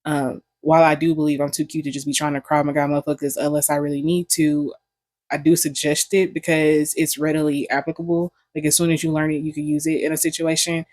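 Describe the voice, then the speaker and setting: A woman's voice: low voice, little pitch movement, fast talker, a little mellow, dry recording. A young woman vlogging, telling stories in a candid, joking way full of profanity. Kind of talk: casual storytelling.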